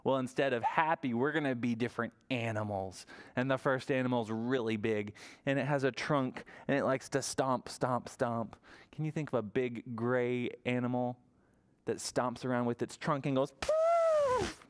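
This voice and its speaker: Male children's librarian, animated story-time delivery, smooth tone. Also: medium pitch, moderate pace. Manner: animated sing-song storytelling to small children. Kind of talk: toddler story time with songs.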